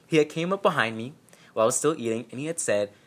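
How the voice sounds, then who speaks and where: A man's voice: medium pitch, animated, fast talker. A young man casually telling a personal story, candid and profane with self-mocking humor.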